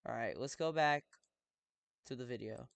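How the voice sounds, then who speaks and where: A man live-streaming his reactions to a story, loud and profane, excitable commentary. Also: mid-range voice, normal speed, vocal fry.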